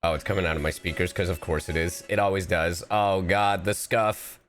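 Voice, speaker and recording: A man's voice: sits low, fairly even intonation, fairly quick, a bit bright, faint music behind. A man chatting casually on a live stream, playful and a bit goofy, slightly sick with a cough. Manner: playful, goofy asides and repeated phrases.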